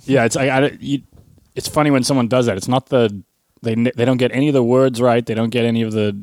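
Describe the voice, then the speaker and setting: A man's voice: medium pitch, quick pace, no echo, clean studio sound. A man co-hosting a podcast, telling stories in casual chat and swearing now and then. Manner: animated storyteller, swears casually. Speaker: podcast co-host.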